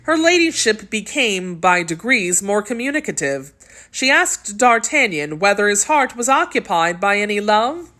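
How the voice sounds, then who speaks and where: A woman reading an audiobook of a classic novel in a measured, expressive storytelling manner. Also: medium pitch. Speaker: audiobook reader. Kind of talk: audiobook narration.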